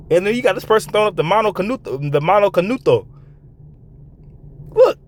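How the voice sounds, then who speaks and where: A man giving a reaction commentary and reading scripture, talking in an animated way with repeated words, restarts and laughs between remarks. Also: high voice, fairly quick, long pauses, a little hiss or hum. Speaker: online commentator.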